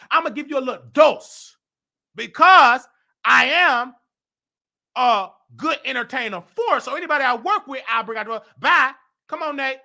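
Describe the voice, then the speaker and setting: A man hosting his show, telling a story in a flamboyant, dramatic way, jumping between loud bursts and hushed asides. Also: very high voice, vocal fry. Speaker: show host. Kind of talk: casual storytelling monologue.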